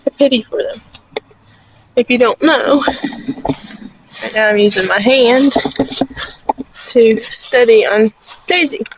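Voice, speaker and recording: A woman's voice: a little high, slow, pauses often, a little hiss or hum, poor audio. A woman vlogging from her sheep pen, chatting casually with lots of "like" and cooing at her sheep, recorded outdoors on a handheld camera. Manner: chatty, full of "like", cooing at animals. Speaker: shepherdess vlogger. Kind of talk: casual vlog chat.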